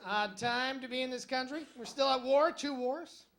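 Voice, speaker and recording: Speaking at normal speed in a very high, slightly bright voice, a male stand-up comedian delivers punchy jokes and stories with a wry, conversational touch to a live comedy club audience.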